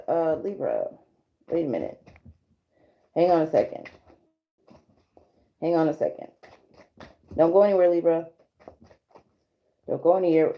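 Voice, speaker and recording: A woman's voice: low-pitched, warm tone, low-quality recording. A woman giving a casual livestream tarot reading, rambling through restarts and fillers and laughing often. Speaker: tarot reader.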